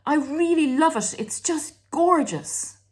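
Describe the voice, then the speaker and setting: Whiny small child, high squeaky pleading, repeats every plea, as a woman puts it on. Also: animated, slow. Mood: begging. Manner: pleading, repetitive whining. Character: whiny little child begging for a toy.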